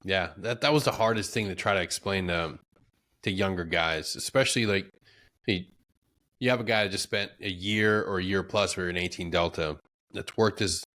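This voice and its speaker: A man's voice: deep voice, normal speed. A man hosting a podcast, a veteran telling war stories in casual, profane chat. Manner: profane, animated storyteller.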